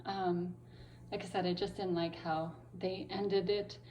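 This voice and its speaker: A woman's voice: fairly low pitch, little pitch movement, unhurried, a little mellow, slight background noise. A woman showing her crochet and craft finishes in a casual vlog, chatty with frequent ums, still getting over laryngitis and a lingering cough. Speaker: crochet vlogger. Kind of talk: casual show-and-tell vlog.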